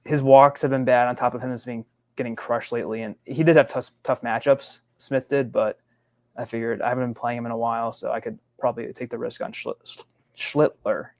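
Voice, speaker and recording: A man guesting on a fantasy baseball podcast, talking in an easygoing, halting way. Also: medium pitch, level tone, a little mellow, no room sound. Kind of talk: casual fantasy baseball chat.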